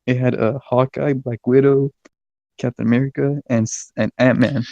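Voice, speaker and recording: Young male podcast co-host, animated rambling storyteller with a warm, dark voice, recorded close and dry. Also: mid-range voice, moderate pace, no room sound, lo-fi sound. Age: young adult. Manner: excitable, swears a lot, laughs mid-story. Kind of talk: casual storytelling chat.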